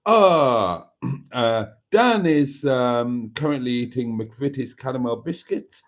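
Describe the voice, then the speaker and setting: A man's voice: mid-range voice, lively intonation, takes it slowly. A man hosting a live stream, reading out viewer comments with wry, self-mocking asides. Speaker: channel host.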